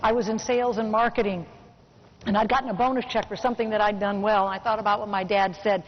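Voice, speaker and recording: A middle-aged woman giving a motivational keynote speech to a business audience, telling a personal story and slowing down to stress key points. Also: mid-range voice, steady tone. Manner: personal storytelling, slows down for emphasis. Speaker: motivational speaker. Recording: muffled recording with faint hiss.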